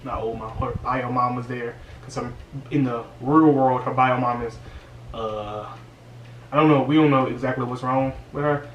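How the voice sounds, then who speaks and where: A man's voice: mid-range voice, steady tone, normal speed, dull audio, slight background noise. A man recapping a horror movie in a casual, slangy, exasperated way. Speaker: movie reviewer. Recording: roomy, distant mic, faint ambience.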